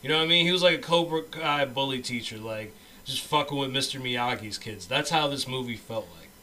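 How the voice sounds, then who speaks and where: A man's voice: mid-range voice, a little fast, bright, forceful tone, rough recording. A man in casual chat, ranting with profane slang about a movie.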